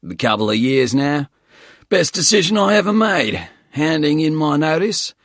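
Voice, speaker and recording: A man voicing a burly, rough Australian ex-soldier with a throaty, rusty voice, loud and boastful. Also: fairly high pitch, big pitch swings, moderate pace, no echo, studio quality, pitched above the performer's own voice, exaggerated voice.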